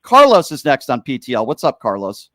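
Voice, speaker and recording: A man hosting a political call-in show, talking fast and mocking his opponents. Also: medium pitch, wildly swooping pitch, fairly bright tone, no room sound.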